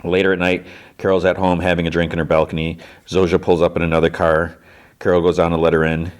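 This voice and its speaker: Low-voiced man recapping a TV episode. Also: little pitch movement, fast. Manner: retells scenes with lots of "she's like". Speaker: podcast host.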